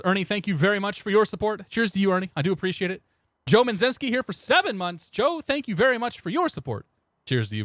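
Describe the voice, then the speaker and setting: A man's voice: high voice, fairly bright tone, no echo, studio quality. A young man streaming a flight sim, rambling casually and greeting his chat by name into a desk microphone. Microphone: new desk microphone.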